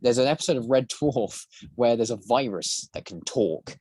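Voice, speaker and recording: A man's voice: mid-range voice, animated, moderate pace, darkish tone, breathy edge, no room sound. A man speaking as a guest voice actor and prop maker in casual podcast chat, rambling with many restarts.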